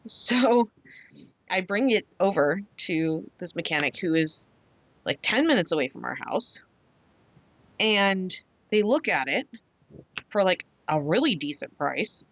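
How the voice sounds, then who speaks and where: A woman's voice: on the low side, animated, measured pace, long pauses, fairly bright tone, dry recording. Female host, casual chatterbox, muffled and dry-sounding recording. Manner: chatty, rambling storyteller with many fillers. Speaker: craft channel host. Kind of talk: casual chat while crafting.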